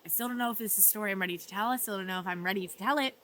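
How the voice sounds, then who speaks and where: Earnest woman vlogging, soft and emotional. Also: mid-range voice, rapid-fire. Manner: emotional, earnest, often softly spoken with laughs. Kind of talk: reflective personal vlog. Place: art residency.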